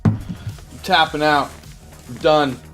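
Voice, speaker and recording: A man's voice: a little high, takes it slowly, loud music behind the voice. A man co-hosting a movie podcast, blunt and laughing in casual chat. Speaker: podcast co-host.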